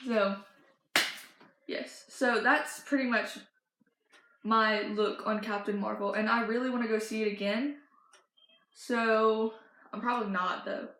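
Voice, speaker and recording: Teen girl fan vlogger, excited gushing chatter, slightly high voice, roomy echo. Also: unhurried, pauses often, slight background noise. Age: teens. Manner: gushing, breathless storytelling with many fillers and restarts. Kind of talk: excited casual chat.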